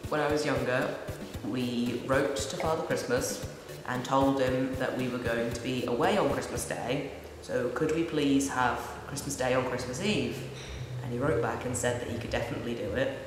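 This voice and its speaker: A young man chats casually and a little boastfully. His voice rings out in a bare, echoey room with a long reverb tail. Music plays clearly behind him. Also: medium pitch, steady tone, normal speed. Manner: chatty, playfully boastful. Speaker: cosplay vlogger. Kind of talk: casual chat.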